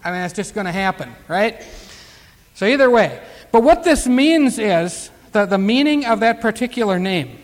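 A man's voice: sits high, sing-song, moderate pace. An older man preaching a Bible teaching sermon in a folksy way, full of rhetorical questions and asides as he reads scripture aloud. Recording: long hall reverb.

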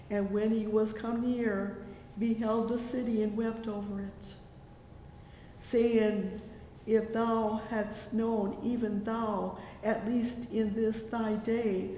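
A man preaching a sermon, slow and fervent, constantly breaking in with "oh yes" and "oh my". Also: darkish tone. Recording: echoey hall with low rumble.

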